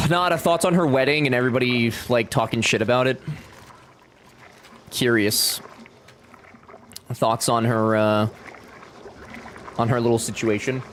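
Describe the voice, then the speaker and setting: A man's voice: medium pitch, a little slow, pauses often, fairly bright tone, slight background noise. A young man chatting casually with his live-stream chat while playing a game, joking and talking back to viewers.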